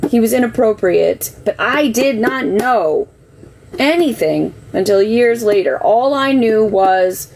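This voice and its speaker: A woman's voice: fairly high pitch, animated, takes it slowly, a little mellow, slight background noise, low-quality recording. A middle-aged woman telling a personal story on a livestream, earnest and defensive, getting worked up as she talks. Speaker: livestream host. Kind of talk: emotional personal account.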